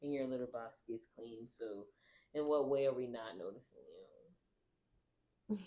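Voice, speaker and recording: A woman's voice: a bass voice, measured pace. A young woman co-hosting a podcast in casual chat, telling stories and laughing often. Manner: animated storyteller who acts out other people's voices. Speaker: podcast co-host.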